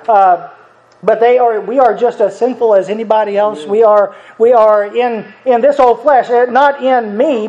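A man's voice: sits high, steady tone, normal speed, darkish tone. A middle-aged man preaching a sermon in a folksy, conversational way, chuckling as he talks. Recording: dull lo-fi recording.

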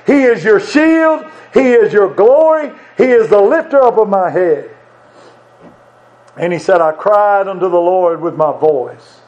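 High-voiced earnest preacher, lo-fi. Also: male voice, expressive, a little slow, a little mellow. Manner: earnest, conversational preaching with repeated phrases. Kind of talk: sermon.

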